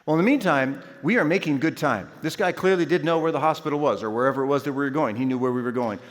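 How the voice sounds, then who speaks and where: A man telling a lively personal story as a chapel speaker, acting out his own shouts along the way. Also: a little high, quick pace. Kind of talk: storytelling sermon. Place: large university chapel. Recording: long hall reverb.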